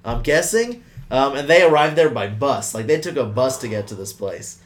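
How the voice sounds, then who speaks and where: A man hosting a podcast, telling a family story in an animated, profane way and acting out the people in it. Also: mid-range voice, moderate pace. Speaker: podcast host. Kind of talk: casual storytelling chat.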